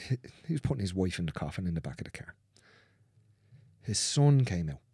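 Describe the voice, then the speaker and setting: A man speaking as a guest in a candid conversation, earnest and repetitive, swearing freely and dropping into soft, near-whispered phrases. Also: low-pitched, very animated, a little fast, husky, no echo, studio quality.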